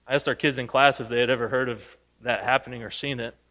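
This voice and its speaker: Male pastor, sermon, conversational, bright forceful tone, acts out story voices, long hall reverb. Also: medium pitch, fairly even intonation, fast talker. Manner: conversational, asks the congregation questions.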